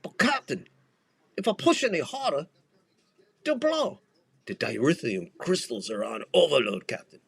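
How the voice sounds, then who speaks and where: A man's voice: a little high, sing-song, normal speed, creaky, long pauses, breathy edge, voice pushed up, heavily acted. A man voicing a strained male Scottish starship engineer in a clumsy, exaggerated impression with a put-on Scottish accent. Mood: pleading.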